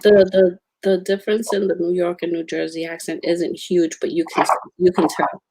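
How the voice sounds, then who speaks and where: A woman's voice: fairly low pitch, moderate pace, heavy background noise. A woman chatting casually from off camera, commenting and laughing easily. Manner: relaxed commenting, easy laughter. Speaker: off-camera companion. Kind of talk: casual chat.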